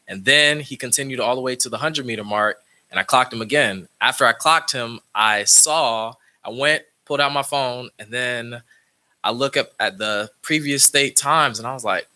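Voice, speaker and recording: Bright-voiced man telling a coaching story. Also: mid-range voice, measured pace. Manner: storytelling, many restarts, acts out quoted dialogue. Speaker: track coach. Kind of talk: speech at a public meeting.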